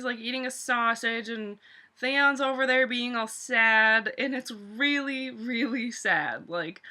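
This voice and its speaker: A woman casually recapping a TV episode for her video channel, animated and swearing often as she exclaims over events. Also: fairly high pitch. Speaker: video reviewer.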